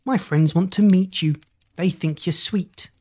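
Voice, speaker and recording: A storybook narrator voicing a teenage big sister in a high, exclaiming voice. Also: unhurried, a little mellow, close to an everyday voice. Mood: teasing.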